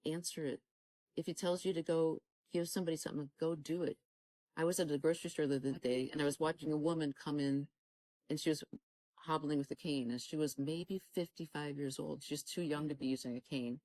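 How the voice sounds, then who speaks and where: A woman with a deep, warm voice shares her personal faith testimony in an interview, speaking briskly in a steady tone. She is fervent and exhorting, urging listeners on and often acting out the dialogue she remembers. The recording has no echo but poor audio quality.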